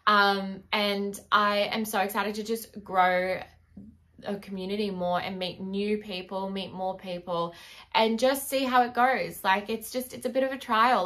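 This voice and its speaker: A woman's voice: medium pitch, a bit bright. A young woman chatting casually as a book vlogger, gushing with enthusiasm and lots of filler words. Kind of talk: casual chat.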